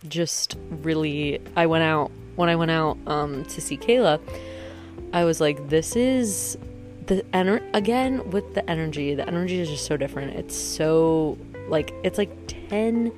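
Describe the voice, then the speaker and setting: A young woman from the US East Coast chats in a loose, rambling vlog style, often breaking off mid-thought and laughing at her own jokes. Her voice sits on the lower side, and faint music plays underneath. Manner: rambling, self-interrupting, jokey, quick laughs. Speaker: vlogger. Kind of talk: casual chatty vlog.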